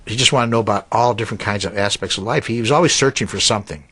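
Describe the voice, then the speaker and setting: A man with a low voice speaks in an interview. He talks hesitantly and thoughtfully, pausing over his words. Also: a bit bright, slightly rough, no echo. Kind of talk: reflective interview.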